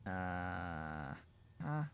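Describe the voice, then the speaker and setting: Man, deep voice, unhurried, hoarse and fading, muttering to himself, faint background hum. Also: sing-song, fairly bright tone. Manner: mumbling to himself while building. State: losing his voice. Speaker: game streamer. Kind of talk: casual gameplay commentary.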